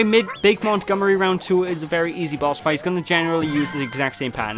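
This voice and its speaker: A man from Wales giving casual, rambling gameplay commentary with self-mocking jokes. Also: medium pitch. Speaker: let's play host. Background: game music.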